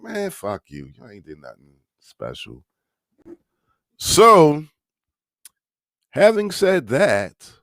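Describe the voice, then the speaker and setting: A man's voice: lowish voice, no room sound, studio quality. A man hosting an online radio show, giving blunt, profane commentary with mocking asides.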